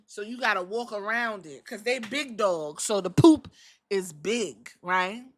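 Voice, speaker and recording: A woman's voice: mid-range voice, measured pace. A woman hosting a podcast, telling a wrestling recap in a casual, joking and profane way and acting out what people said. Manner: animated storytelling, acting out quotes, profane and joking. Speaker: podcast host.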